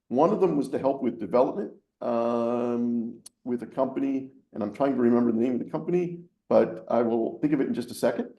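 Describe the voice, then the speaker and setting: Guy answering webinar questions, lots of ums, dark gravelly voice. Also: medium pitch, reverberant. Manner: hesitant, many ums. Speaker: keynote speaker.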